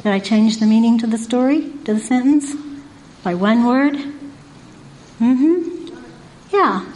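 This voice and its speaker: A woman's voice: on the high side, slow pace, a little mellow, poor audio. A woman giving an informal Christian devotional talk, earnest and folksy, asking one rhetorical question after another. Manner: folksy and repetitive.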